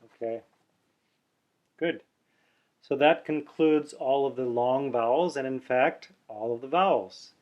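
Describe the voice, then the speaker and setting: A man gives a pronunciation lesson at a patient, unhurried pace, stretching and repeating each vowel sound. His voice sits in an ordinary middle pitch. The recording is somewhat dull and lo-fi. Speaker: teacher. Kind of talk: instructional explanation.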